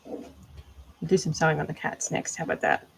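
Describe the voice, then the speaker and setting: A woman's voice: deep voice, big pitch swings, moderate pace, vocal fry, a little hiss or hum, low-quality recording. A woman chatting casually to viewers on a craft livestream, laughing often and trailing off mid-thought. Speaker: livestreaming doll maker. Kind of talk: casual live stream chat.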